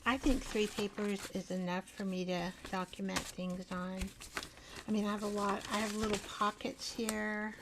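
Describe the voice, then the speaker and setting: A woman's voice: medium pitch, flat delivery, normal speed, background noise. A middle-aged woman hosting an art show, chatting casually and rambling to herself as she works on a craft project. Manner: rambling, self-deprecating, talks to herself while working. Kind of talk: casual craft demonstration chat.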